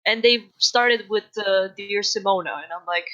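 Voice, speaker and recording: A woman's voice: mid-range voice, a little slow, pushed and bright, lo-fi sound. A young woman chatting casually on a podcast, rambling and laughing often. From outside English-speaking countries. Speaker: podcast guest. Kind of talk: casual chat.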